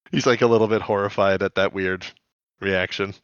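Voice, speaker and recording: A man's voice: lowish voice, fairly even intonation, normal speed, clean tone, dry recording. A man co-hosting a podcast in casual chat, rambling and giggly, with many restarts. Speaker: podcast co-host. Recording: dull lo-fi podcast audio.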